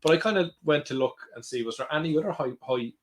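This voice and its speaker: A man's voice: on the high side, lively intonation, fast. A man co-hosting a podcast in casual chat, laughing often and restarting his sentences. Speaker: podcast co-host.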